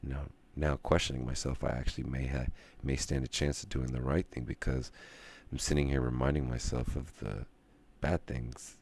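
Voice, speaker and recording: A man streaming, talking in a rambling monologue and ranting with drawn-out pauses. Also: flat delivery, a little mellow. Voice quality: very deep gravelly voice.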